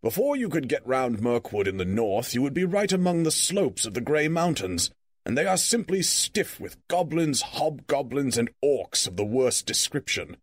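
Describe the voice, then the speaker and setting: A man reading a story aloud, voicing a brisk, teasing old wizard in a lively, raised voice. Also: mid-range voice, no room sound, studio quality. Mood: cheerful.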